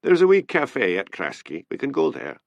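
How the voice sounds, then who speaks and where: A man voicing a laconic Highland police constable with a terse manner. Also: wildly swooping pitch, moderate pace, gravelly, no echo, lo-fi sound.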